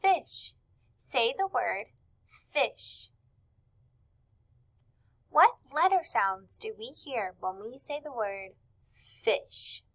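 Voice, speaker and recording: A woman teacher leading a recorded reading lesson, sounding out words slowly and clearly in an encouraging, upbeat tone. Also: on the high side, animated, rough recording.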